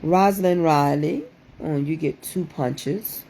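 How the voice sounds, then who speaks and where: A woman with a low-pitched, warm voice and slow pace hosts a playful livestream doing card readings, exclaiming dramatically and repeating her phrases in a sing-song way. Slight background noise can be heard.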